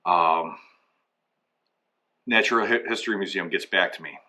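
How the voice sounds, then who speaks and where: A man's voice: low voice, moderate pace, sharp tone. A man telling a rambling comedic story, acting out both sides of each conversation. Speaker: comic storyteller. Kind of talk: comedic anecdote monologue.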